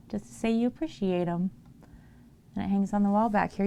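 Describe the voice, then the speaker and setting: A woman's voice: medium pitch, fairly quick, creaky, pauses often, warm tone. A woman live-streaming from home in casual chat. She laughs easily and coaxes her dogs in a raised, playful voice. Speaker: livestreamer.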